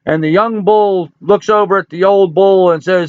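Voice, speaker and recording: Man in his sixties, folksy, joking livestream host, a little high-pitched, dry close sound, slightly dull lo-fi audio. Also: normal speed, hardly any pauses, a little mellow, clean tone, no room sound. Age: 60s. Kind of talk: casual live chat reading viewer comments.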